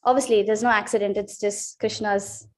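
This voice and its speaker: A woman's voice: medium pitch, steady tone, moderate pace. A woman giving a devotional scripture class in a temple, telling a sacred story with heartfelt, emotional quoted voices. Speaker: class speaker.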